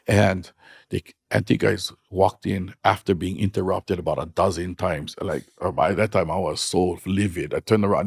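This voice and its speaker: Low and husky with vocal fry, this middle-aged man speaks with a Hawaiian accent. A hula teacher appearing as a podcast guest, he tells stories in a casual, frank, blunt way, and the studio-quality recording has no echo.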